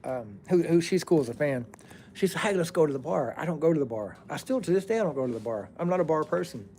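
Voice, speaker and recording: A man's voice: on the high side, animated, fast talker, darkish tone, a little hiss or hum. A man, telling a personal story in a rambling, profane, drawling way.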